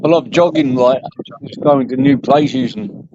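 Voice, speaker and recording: A man's voice: medium pitch, unhurried, crowd noise. A man calling in to a casual chat, upbeat and easygoing. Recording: muffled call audio with faint noise.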